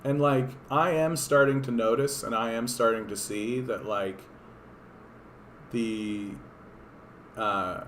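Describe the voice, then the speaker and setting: A man talks politics on a casual livestream in a hoarse, worn voice. His pitch sits in the middle range, and his delivery wanders, full of sarcasm and the odd curse. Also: fairly even intonation, slow pace, long pauses, a bit bright, a little hiss or hum. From Canada. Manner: sarcastic, rambling, profane. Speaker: political streamer.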